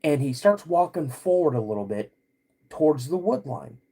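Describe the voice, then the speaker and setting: A man hosting a podcast, recounting a personal encounter in a halting way, often restarting and searching for words. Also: fairly high pitch, very animated, creaky, warm tone. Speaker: podcast host.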